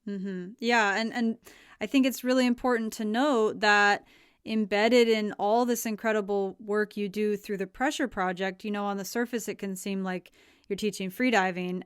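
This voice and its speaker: A woman hosting a podcast, asking long, thoughtful questions in a measured way. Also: medium pitch, clear, resonant tone, no echo, clean studio sound. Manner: measured, thoughtful phrasing with fillers. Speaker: podcast host. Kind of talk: interview questions.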